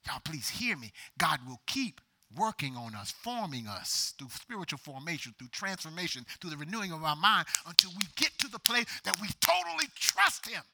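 Bright-voiced preacher, soft to roaring. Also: male voice, high-pitched, sing-song, moderate pace, gravelly, hardly any pauses. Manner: preaching, swings from soft whispers to loud climaxes. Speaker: pastor. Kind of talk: sermon.

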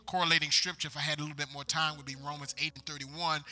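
A male pastor preaches with emphatic, building repetition. His voice sits a little high and rings very bright. Faint music plays underneath. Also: little pitch movement, fast talker, hardly any pauses, poor audio. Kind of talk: sermon.

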